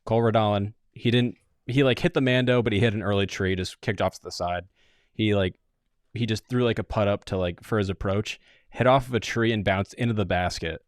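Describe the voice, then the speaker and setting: A young man co-hosts a podcast in easy casual chat, his voice sitting a bit low. He strings stories together loosely, filling gaps with "like". The sound is dry and close. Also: steady tone, brisk, dry recording. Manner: rambling storytelling with many "like"s. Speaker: podcast co-host.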